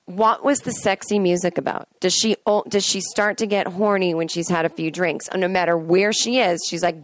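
A woman's voice: medium pitch, fairly quick, hardly any pauses, no room sound. Chatty woman rambling on a podcast. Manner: chatty, digressive, sings snippets and acts out voices. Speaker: podcast host. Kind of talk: casual solo monologue. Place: in bed at home.

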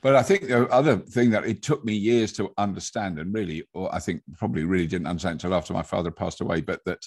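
An older English man with a fairly posh accent and a husky voice, telling stories in a rambling, casual conversation. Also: low-pitched, quick pace, a little mellow. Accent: English, fairly posh (received pronunciation trained). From England. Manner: rambling, storytelling, with laughs.

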